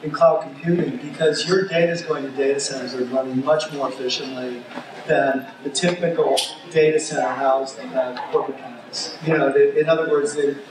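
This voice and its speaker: A man's voice: mid-range voice, steady tone, brisk. A man speaking on a conference panel, hesitant and often repeating his words. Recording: echoey hall, distant mic, room noise.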